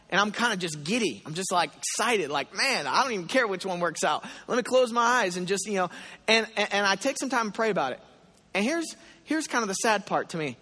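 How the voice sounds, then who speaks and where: A man preaching a sermon in a church, telling a story with animated asides and acted prayers. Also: high-pitched. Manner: animated storytelling, voicing his own prayers. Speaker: pastor. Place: church hall. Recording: long hall reverb.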